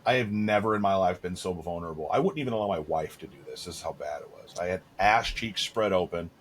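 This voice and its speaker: Low-voiced man telling crude stories. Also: fast, slight background noise. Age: 30s. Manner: crude, candid storytelling with many fillers. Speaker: podcast co-host. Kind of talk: casual chat.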